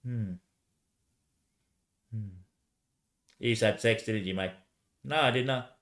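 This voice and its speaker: A man's voice: fairly low pitch, takes it slowly, fairly bright tone. A man streaming alone, rambling and answering himself back and forth, dropping "mate" and laughing often. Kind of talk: rambling solo livestream talk.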